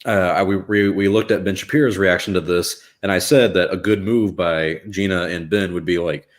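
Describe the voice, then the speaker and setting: A man's voice: low voice, steady tone, moderate pace. A young man hosting a live reaction stream, talking casually in a rambling, wry way with lots of fillers. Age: young adult.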